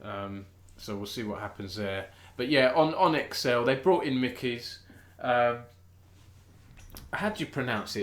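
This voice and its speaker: A British man hosting a live esports news stream, speaking at a middle pitch. He chats loosely and often restarts his sentences as he thinks aloud. The room around him gives his voice a clear echo. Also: a bit bright. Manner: chatty, self-interrupting, thinks aloud.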